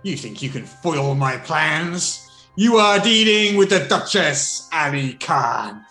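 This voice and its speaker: A woman's voice: low-pitched, animated, slow, fairly bright tone, full character voice. A man voicing a harsh, boastful female villain duchess with an edge to her voice in a tabletop game. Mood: taunting. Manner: taunting, grandiose boasting. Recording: roomy echo, faint music.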